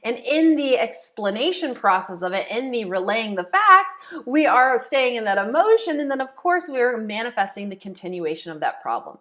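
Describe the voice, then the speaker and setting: Woman, slightly high voice, self-help coach walking viewers through steps, repeats phrases for emphasis. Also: very animated, moderate pace, few pauses, fairly bright tone. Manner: repeats key phrases, asks rhetorical checks. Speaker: law of attraction coach. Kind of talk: explanatory teaching monologue.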